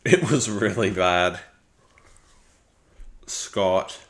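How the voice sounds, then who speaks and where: A man's voice: on the low side, animated, extremely slow, a bit bright. A man giving casual live-stream commentary, rambling with lots of fillers and restarts.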